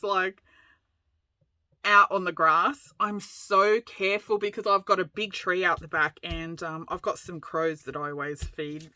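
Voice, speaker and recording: A woman's voice: mid-range voice, bright, forceful tone, no room sound. An Australian woman hosting a casual crafting vlog, telling rambling stories and laughing often. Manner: rambling storyteller, laughs a lot. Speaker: crafting channel host.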